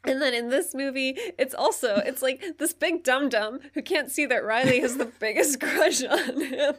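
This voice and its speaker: A woman's voice: high-pitched, normal speed. Giggly woman co-hosting a movie chat. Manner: giggly, playful, slips into jokey impressions. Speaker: podcast co-host. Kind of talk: casual chat reviewing a movie.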